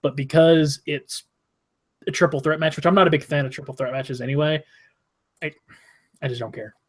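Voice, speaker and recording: A man with a fairly high voice, co-hosting a wrestling podcast. He talks bluntly and swears often as he gives his predictions in a loose, casual way. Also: steady tone, normal speed. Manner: blunt and opinionated, swears freely. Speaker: podcast co-host.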